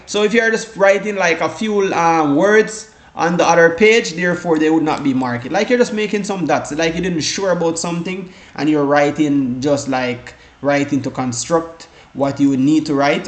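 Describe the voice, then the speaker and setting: A man from the Caribbean giving a casual exam-prep lesson, rambling with many restarts and fillers, often saying "guys" and "all right". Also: a little high. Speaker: exam tutor. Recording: echoey room.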